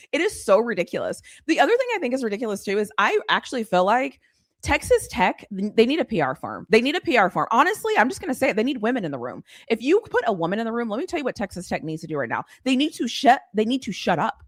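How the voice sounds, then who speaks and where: Animated exasperated woman ranting. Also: fairly high pitch, fast, no room sound, clean studio sound. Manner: animated, exasperated, blunt, sarcastic. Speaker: sports commentary host. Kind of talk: casual live-stream rant.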